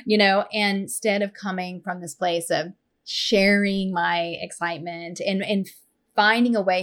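A woman in her thirties hosting a podcast, chatting casually and telling stories with animated, playful touches. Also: fairly low pitch, normal speed. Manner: warm, animated storytelling with playful voices. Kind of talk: casual conversation.

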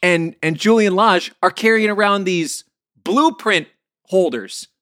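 A man with a bright, forceful tone and a slightly raised pitch shares a travel story. He talks in a relaxed, slangy way, as in a conversation between fellow musicians. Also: a little slow. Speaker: touring musician. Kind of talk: casual chat.

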